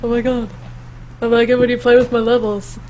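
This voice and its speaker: A woman's voice: fairly high pitch, level tone, brisk, darkish tone, a little hiss or hum. A young woman co-hosting a podcast in casual banter, giggly and self-deprecating, often stumbling and laughing while reading. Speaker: podcast co-host.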